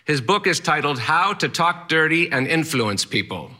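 A blunt, theatrical old Latin teacher with a haughty, exclaiming drawl, as a man puts him on. The voice sits well above the storyteller's own and comes out bright and forceful. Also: fairly high pitch, very animated, moderate pace, voice pushed up, heavily acted. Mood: amused.

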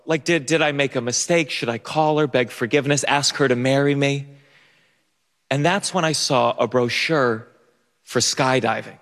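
A long stage reverb hangs over this recording of a young man telling a personal story to an audience. His medium-pitched voice has a fairly bright tone, and he comes across as nervous and self-deprecating, restarting and laughing often.

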